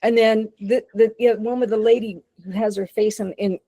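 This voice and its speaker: A woman's voice: fairly high pitch, steady tone, a little fast, dark tone, no room sound. Texan woman, dog trainer presenting online, chatty and unpolished, dry close-mic sound. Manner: conversational, many restarts and acted-out dog thoughts. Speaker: dog behavior consultant. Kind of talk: webinar presentation.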